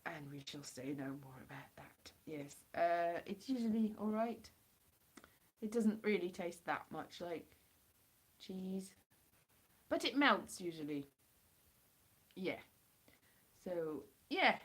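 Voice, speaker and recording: A hoarse woman from the United Kingdom rambling and joking as she chats with viewers on a live stream through a computer mic. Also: fairly low pitch, animated, slow pace, long pauses. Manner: rambling and jokey, chatting to viewers. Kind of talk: casual live-stream chat answering viewers.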